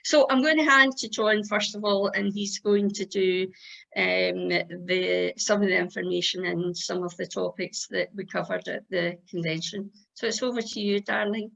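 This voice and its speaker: A woman's voice: medium pitch, steady tone, normal speed, vocal fry, fairly bright tone. A woman chatting casually through a report on a video call, with frequent ums. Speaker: Rotary club member giving a convention report. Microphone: video call microphone. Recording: dull video call audio.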